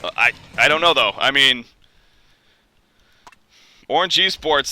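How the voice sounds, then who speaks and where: A young man casting an esports match, his voice worn hoarse from being under the weather, climbing into shouts when fights break out. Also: mid-range voice, animated, a little slow, long pauses. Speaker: esports caster. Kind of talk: play-by-play esports commentary.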